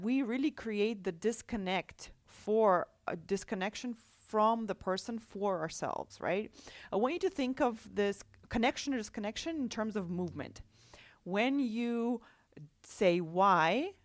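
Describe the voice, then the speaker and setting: A woman's voice: medium pitch, no room sound. Woman podcast host, casual and rambling, self-correcting, recorded close and dry. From Russia. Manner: chatty, with many restarts and rhetorical "right?". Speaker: podcast host and life coach. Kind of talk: solo podcast talk.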